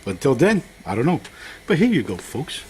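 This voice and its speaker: Fairly quick and with wildly swooping pitch, a mid-range male voice with a darkish tone carries this casual workshop vlog. The older man rambles folksily to viewers while working on an engine at home, over a faint hiss or hum.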